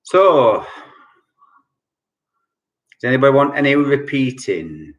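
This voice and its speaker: At home during lockdown, a man hosts an online quiz night over a video call, repeating every clue several times and explaining answers in a chatty, jokey manner. His medium-pitched voice is sing-song and slow. The recording sounds muffled.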